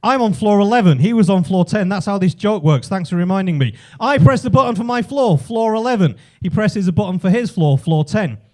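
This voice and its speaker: A man with a Yorkshire accent doing an animated stand-up story on a comedy club stage into a handheld mic. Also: sits high, a little fast, hardly any pauses. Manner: animated storytelling, builds to shouting.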